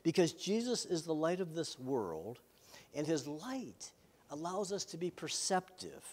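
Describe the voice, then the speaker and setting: A man's voice: a little high, very animated, measured pace, a little mellow. A middle-aged man, a pastor, preaching a sermon in an earnest way with self-deprecating humor.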